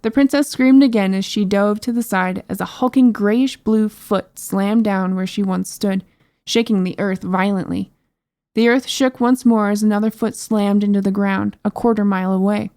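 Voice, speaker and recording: A woman narrating an audiobook chapter in an expressive, dramatic reading style. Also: mid-range voice, moderate pace, dry recording. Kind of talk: scripted narration.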